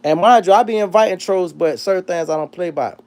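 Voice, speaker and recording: Profane, animated man. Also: sits high, fast talker. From South Florida. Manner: profane, animated, rambling with restarts. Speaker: livestream host. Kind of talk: casual livestream chat reading comments.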